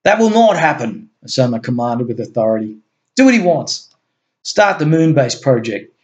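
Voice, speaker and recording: A man's voice: medium pitch, sing-song, normal speed, dull audio, close to an everyday voice. A man voicing a genial, commanding male head of state in a homemade story reading, talking in a hearty, expansive way that swoops upward. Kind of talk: amateur story reading with voices.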